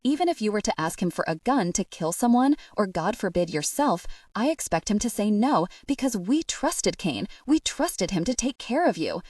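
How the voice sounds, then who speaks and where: A woman's voice: mid-range voice, sing-song, moderate pace, hardly any pauses, darkish tone, no room sound, clean studio sound, far from the mic. A woman voicing a distraught, furious middle-aged mother who scolds through tears, pushy and harsh.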